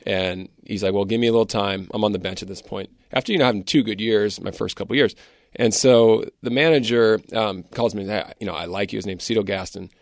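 A man's voice: on the low side, fairly even intonation, quick pace, creaky, dry recording, studio quality. A man who played pro baseball, a guest telling a modest, matter-of-fact story about his old manager. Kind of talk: casual interview chat.

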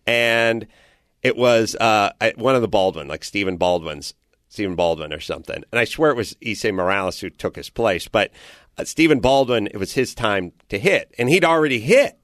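A man's voice: fairly low pitch, moderate pace, dry recording, clean studio sound. A man hosting a radio talk show, telling a story with lots of swearing and acting out both sides. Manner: animated, profane, acts out both sides of the story. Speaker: radio host. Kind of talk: casual storytelling.

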